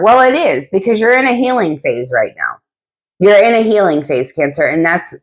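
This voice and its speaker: A woman giving a casual tarot reading, talking in a blunt, chatty way with frequent asides and casual swearing. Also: deep voice. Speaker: tarot reader.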